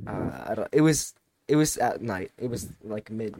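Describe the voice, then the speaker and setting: A teenage man casually telling a long story on a podcast, rambling and animated, with many restarts. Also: lowish voice, moderate pace. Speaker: podcast co-host.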